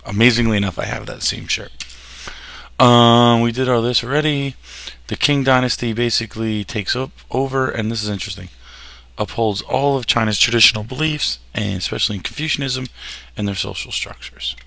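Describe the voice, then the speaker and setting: A man's voice: mid-range voice, fairly quick, creaky, pushed and bright. A man teaching a history lesson over slides, casual and jokey, often tripping over words and restarting them. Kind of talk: classroom lecture over slides.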